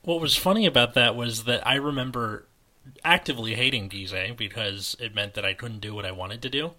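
A man's voice: medium pitch, brisk, bright, forceful tone. A man hosting a casual podcast, opening the show and leading the chat in an upbeat way. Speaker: podcast host.

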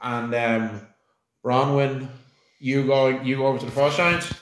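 A man's voice: mid-range voice, fairly even intonation, measured pace, echoey room, a little hiss or hum. A man narrating as game master of a tabletop game, rambling with many fillers.

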